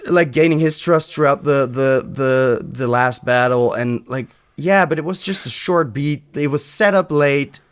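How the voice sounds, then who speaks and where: A man's voice: mid-range voice, a little slow, hardly any pauses, clear, resonant tone. A man from Europe co-hosting a podcast, rambling and profane, thinking aloud with restarts. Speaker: podcast co-host. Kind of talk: casual chat.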